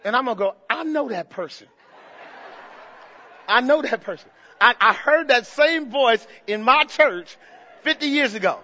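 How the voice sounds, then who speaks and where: An older man, a pastor, preaching a sermon, swinging from quiet asides to shouted emphasis and playful mimicry. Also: extremely high pitch, lively intonation, moderate pace, long pauses, lo-fi sound.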